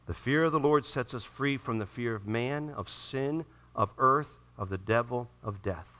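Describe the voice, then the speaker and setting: Bright-toned preaching man. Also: mid-range voice, normal speed. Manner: builds from calm teaching to loud impassioned preaching, acting out quoted voices. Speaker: pastor. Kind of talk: sermon.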